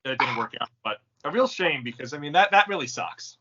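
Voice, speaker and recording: Animated storytelling man, bright lo-fi voice. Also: on the high side, brisk, husky. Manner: animated storyteller, laughs often, acts out quoted lines. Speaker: podcast host. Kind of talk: casual chat. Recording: dull lo-fi sound.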